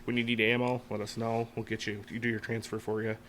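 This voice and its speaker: A man's voice: on the low side, completely flat delivery, quick pace, a bit bright, slight background noise. A man from New York, a podcast guest who runs firearms classes, chatting casually in a friendly, rambling way.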